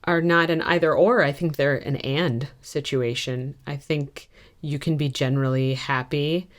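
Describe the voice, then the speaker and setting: Low-voiced candid woman guest. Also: fairly even intonation, a little slow. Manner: candid, self-mocking storyteller. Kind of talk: casual podcast interview.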